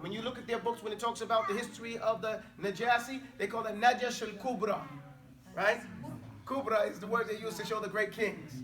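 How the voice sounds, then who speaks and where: A middle-aged man teaching an Arabic class, drilling pronunciation with students and telling anecdotes in an animated, joking way. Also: high voice. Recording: echoey room, far from the mic, noisy.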